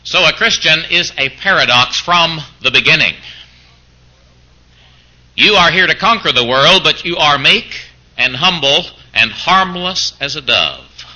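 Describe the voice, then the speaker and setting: Bright, animated male preacher. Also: a little high, measured pace, rough recording. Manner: mock-incredulous rhetorical questioning, acting out a doubter. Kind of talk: sermon.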